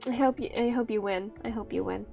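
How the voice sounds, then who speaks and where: A woman streaming a game and chatting with her viewers, speaking softly and rambling. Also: fairly high pitch, fairly quick, gravelly, soft background music. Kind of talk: casual live-stream chat.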